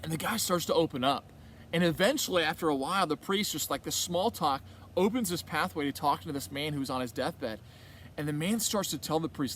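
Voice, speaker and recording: Male retreat speaker, higher register, casual storyteller, rambling delivery with lots of quoted dialogue. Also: a little fast, fairly bright tone, slight background noise. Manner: conversational, rambling, with many restarts and quoted dialogue. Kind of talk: casual faith talk telling a story.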